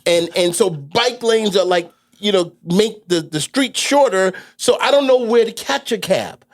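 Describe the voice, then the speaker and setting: Animated rambling man telling a story. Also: high-pitched, unhurried. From New York City. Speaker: podcast co-host. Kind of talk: casual storytelling chat.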